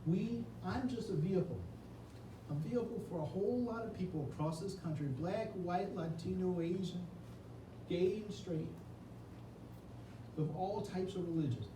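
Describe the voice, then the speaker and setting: A man's voice: high voice, normal speed, long pauses. A man giving an earnest, emotional campaign speech at an indoor reception, telling a personal story. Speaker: Senate candidate. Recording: echoey room, mic far off, noisy.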